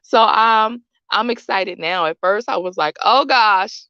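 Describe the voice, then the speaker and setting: A woman's voice: medium pitch, unhurried, sharp tone, clean tone, no room sound, highs cut off. A woman in her late thirties hosting her own show, giving a rambling, repetitive, heartfelt motivational talk. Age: late 30s. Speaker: show host.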